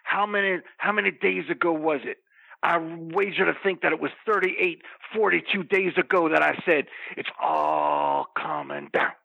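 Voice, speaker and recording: Man doing a raspy boasting wrestler persona. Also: fairly high pitch, big pitch swings, normal speed, highs cut off, voice pushed down, heavily acted. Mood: boastful. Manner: bellowing promo-style rant, threatening and grandiose. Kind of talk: comedic wrestling promo parody.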